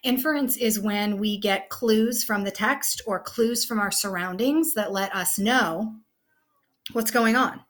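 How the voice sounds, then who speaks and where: At a measured pace, this woman speaks in a mid-range voice with a fairly bright tone. She is a teacher casually leading an online lesson, and her conversational explanations are full of "okay" and "you know."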